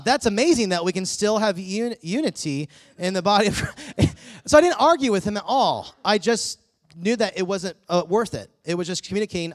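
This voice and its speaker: A man preaching a sermon, telling a story with lively acted-out dialogue, a middle-aged pastor. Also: sits high, dry recording, clean studio sound.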